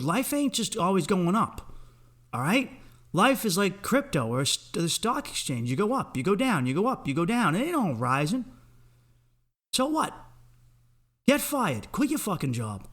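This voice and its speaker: A young man hosting a podcast, delivering a rambling, profane comic pep talk straight at the listener. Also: a little high. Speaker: podcast host.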